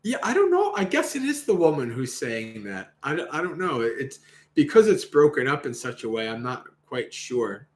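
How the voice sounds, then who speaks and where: A man's voice: mid-range voice, sing-song, moderate pace. A man hosting a livestream, reading a Buddhist sutta aloud and commenting casually, laughing often and acting out the quoted lines. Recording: roomy echo.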